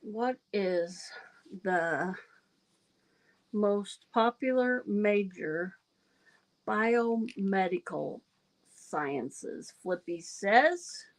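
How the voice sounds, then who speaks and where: Woman running a trivia stream, talks real slow, chatty and relaxed. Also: medium pitch. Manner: slow, chatty, reading questions aloud. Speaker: livestream host. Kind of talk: casual trivia chat.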